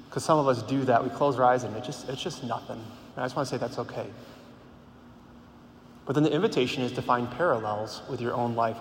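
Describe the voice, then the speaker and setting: A man preaches in a loose, conversational way, full of rhetorical questions and restarts. His mid-pitched voice rings out in a large hall with a long echo. Faint background noise sits under it. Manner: conversational, frequent "like", repeats words, rhetorical questions. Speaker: speaker at a Catholic gathering. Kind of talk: informal sermon.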